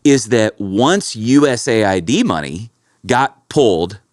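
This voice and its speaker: A man talks through a story on a podcast, his low voice swinging up and down with energy. He keeps it loose and chatty and tosses "bro" and "dude" at his co-host. The sound is close and dry, with no room at all. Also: expressive, slow, no echo. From Kentucky. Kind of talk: casual podcast chat.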